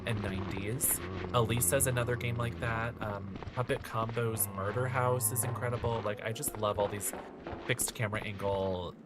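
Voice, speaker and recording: A woman's voice: rumbling low, fairly even intonation, normal speed, loud music behind the voice. A woman livestreaming a horror game, chatting in a campy, sassy way and answering her viewers. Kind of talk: casual livestream commentary.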